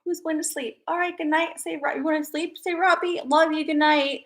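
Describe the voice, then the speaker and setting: A young woman chats to her viewers on a casual livestream, bubbly and easily excited. Her voice sits high and sounds bright and forceful. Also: a little fast. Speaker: livestream host.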